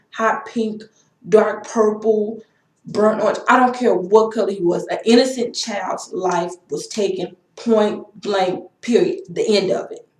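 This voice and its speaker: A young woman from Texas, speaks in a personal vlog. She talks in an impassioned, frustrated way and repeats herself. Her voice has a mid pitch and sounds echoey, as if recorded in a bare room. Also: darkish tone. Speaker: vlogger. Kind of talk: emotional personal vlog rant.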